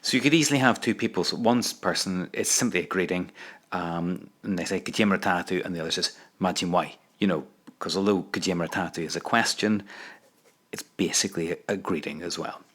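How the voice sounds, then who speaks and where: A man's voice: deep voice, fast talker, fairly bright tone. A man teaching an audio language lesson, patiently prompting the listener to repeat phrases.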